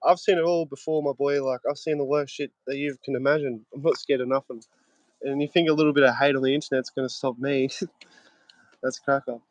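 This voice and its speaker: A man's voice: mid-range voice, steady tone, brisk, dry recording, rough recording. A man in his thirties from Australia with an Australian accent, chatting brashly on a livestream with plenty of slang and swearing. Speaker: guest streamer. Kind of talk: casual livestream chat.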